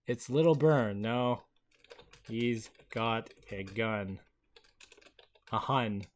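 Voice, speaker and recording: A man hosting a casual gameplay video on a headset mic, excitable and chatty, laughing often. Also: lowish voice, extremely slow. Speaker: gaming video host.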